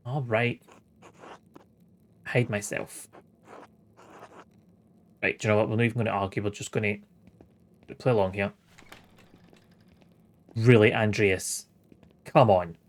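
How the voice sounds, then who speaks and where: A man's voice: on the low side, fairly even intonation, unhurried, pauses often. A man in his late thirties, streaming a game with wry, sweary chatter, reading its dialogue aloud. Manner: sweary, wry, chuckling asides. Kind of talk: casual let's-play commentary, reading game dialogue aloud.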